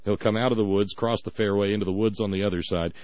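A man's voice: fairly low pitch, steady tone, fast talker, no echo. Man, radio host, sarcastic emphatic rant, dry dull sound. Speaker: radio talk show host. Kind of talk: opinionated radio commentary.

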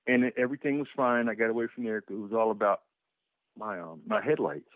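A husky-voiced man co-hosting a loose, profane talk show. He tells stories with animated energy, tripping over restarts as he goes. The sound is dry and a bit muffled. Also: mid-range voice, fast talker, dry recording. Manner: animated storytelling, swearing, repeated restarts. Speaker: co-host. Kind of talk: casual talk show banter.

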